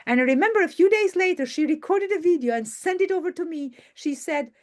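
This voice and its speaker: A woman's voice: very high-pitched, animated, brisk, few pauses. Enthusiastic woman hosting an online masterclass. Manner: enthusiastic, repeats words for emphasis. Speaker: masterclass host and media coach. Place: online video call.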